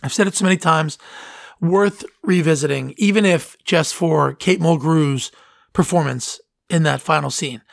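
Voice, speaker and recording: A man's voice: fairly high pitch, normal speed, gravelly, no room sound, studio quality. A man hosting a podcast in casual chat, rambling and enthusiastic with lots of fillers and restarts. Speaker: podcast host.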